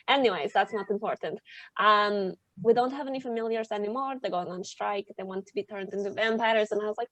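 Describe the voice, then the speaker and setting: A woman's voice: medium pitch, brisk, dry recording. A woman player recounting events in a rambling, laughing, swearing manner. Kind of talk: casual tabletop banter.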